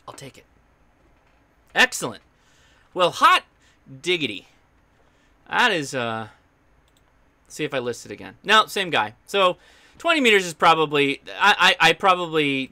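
Bright upbeat man hosting a ham radio show. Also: mid-range voice. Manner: chatty and upbeat, with loose restarts. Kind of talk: live-stream tech explainer. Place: home radio station.

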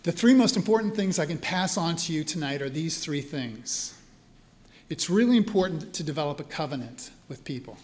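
Chatty higher-voiced male priest storyteller. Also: lively intonation, normal speed, a little mellow. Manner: chatty, often checks in with the audience. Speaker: priest and spiritual care teacher. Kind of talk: storytelling talk to a live audience. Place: church hall event.

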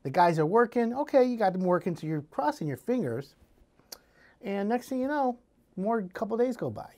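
Animated man giving home repair advice. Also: high voice, moderate pace. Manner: animated storytelling, acting out scenarios. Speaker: home improvement advisor. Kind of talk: casual advice talk.

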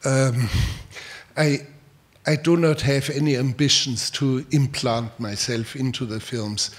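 Older German-accented man, halting and measured. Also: medium pitch, fairly even intonation. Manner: measured, with many hesitations and repeated words. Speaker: guest filmmaker answering audience questions. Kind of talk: unscripted public Q&A answers.

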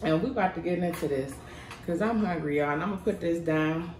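A woman's voice: on the low side, fairly quick, a little mellow. Chatty woman vlogging at home. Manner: chatty, addresses viewers as y'all. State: out of breath. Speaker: mukbang vlogger. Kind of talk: casual chat to camera. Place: home, indoors. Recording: echoey room, faint background noise.

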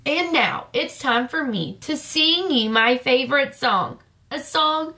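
A woman teacher reads a children's book aloud, playful and full of mock protest. Her voice sits high and sounds bright and crisp. She takes her time, with an unhurried, deliberate pace. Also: animated.

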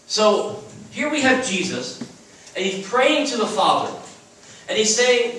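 A man's voice: high-pitched, very animated, measured pace, pauses often, fairly bright tone, a little hiss or hum. A man preaching an earnest, emphatic sermon as a chapel speaker at a Christian school. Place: chapel at a retreat. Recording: echoey room from far off.

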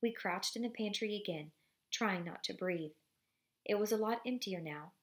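A woman reading a novel aloud for students, steady and expressive, pausing briefly to apologize for slips. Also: mid-range voice.

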